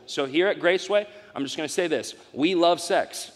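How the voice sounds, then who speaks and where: A middle-aged man preaching a live sermon as pastor, swinging from loud exclamations to soft asides. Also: a little high, normal speed, hardly any pauses. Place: large church hall. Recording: long hall reverb.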